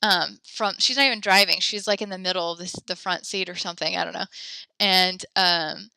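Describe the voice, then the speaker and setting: A woman's voice: fairly low pitch, steady tone, a little fast, vocal fry, sharp tone, smooth, no echo. A young adult woman teaching a French class, upbeat and encouraging, chatty with fillers as she explains. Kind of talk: online class lesson.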